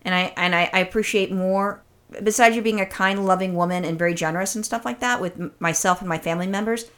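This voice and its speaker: A woman co-hosting a casual podcast chat, telling stories in a profane, animated way. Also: mid-range voice, fast talker. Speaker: podcast co-host.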